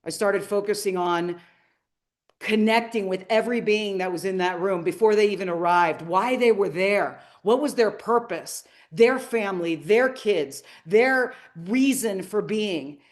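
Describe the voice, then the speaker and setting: A middle-aged woman speaks to a live audience with earnest, inspirational warmth. She tells a personal story and stops to ask the listeners questions. Her voice sits at an ordinary middle pitch for a woman. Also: unhurried. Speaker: motivational speaker. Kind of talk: live masterclass talk to an audience.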